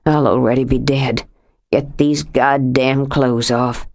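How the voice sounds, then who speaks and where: A woman narrator voicing a stubborn, jealous young man who speaks low and coaxing. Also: steady tone, slow pace, darkish tone, heavily acted. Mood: low, tender.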